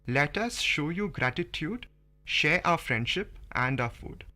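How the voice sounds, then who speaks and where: A sly, scheming male crocodile, as a man reads him out. The rhymes come slow and deliberate, in a bright voice. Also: fairly high pitch, animated, exaggerated voice. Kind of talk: slow poetry reading.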